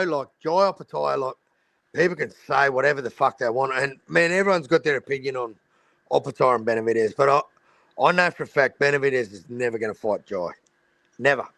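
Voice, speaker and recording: A man's voice: fairly high pitch, gravelly, fairly bright tone, no echo. An Australian man hosting a casual boxing livestream over a video call, blunt and swearing freely in Aussie slang. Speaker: boxing talk show host.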